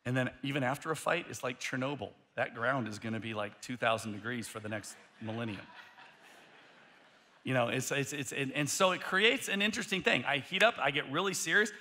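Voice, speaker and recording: A male pastor preaching a sermon, telling a story in an animated way, often restarting his sentences. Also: medium pitch, brisk, a little hiss or hum.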